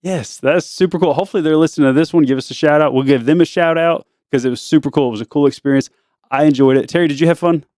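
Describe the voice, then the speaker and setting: Upbeat dad hosting a family podcast. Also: male voice, a little high, rapid-fire, darkish tone, dry recording, studio quality. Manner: upbeat, teasing, mock news-anchor delivery. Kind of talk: casual family chat.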